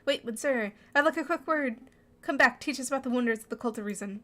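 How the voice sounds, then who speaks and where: A woman's voice: high voice, fast talker, pushed and bright. A woman voicing a pushy male cult recruiter in a game, eager and pleading.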